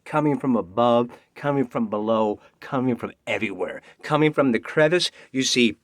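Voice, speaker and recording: A man's voice: medium pitch, moderate pace, no echo. A man auditioning with a dramatic scary story, dropping into whispers for suspense. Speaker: actor auditioning. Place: home self-tape.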